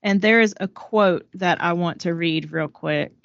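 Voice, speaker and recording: A woman's voice: fairly low pitch, a little slow, vocal fry, highs cut off, slight background noise. A woman with a Southern accent co-hosting a podcast, casually retelling a biography with frequent fillers. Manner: storytelling, with many "um"s and book quotes. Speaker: podcast co-host. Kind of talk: casual chat, summarizing a book.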